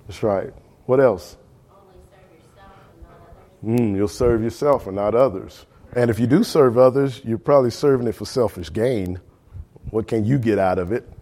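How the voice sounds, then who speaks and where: A man's voice: lowish voice, unhurried, long pauses, warm tone. A man leading a Bible study class, asking the group questions, checking in often and repeating words for emphasis.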